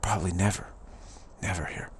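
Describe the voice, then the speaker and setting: A man's voice: low voice, steady tone, fairly quick, a little hiss or hum. A middle-aged man giving a rambling, enthusiastic pep talk, repeating himself and chuckling often. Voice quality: gravelly. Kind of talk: rambling motivational monologue.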